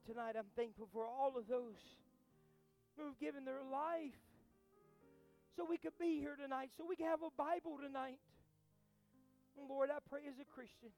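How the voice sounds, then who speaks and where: A man, a pastor preaching a sermon, moving between quiet storytelling and loud, fervent exhortation. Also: very high-pitched.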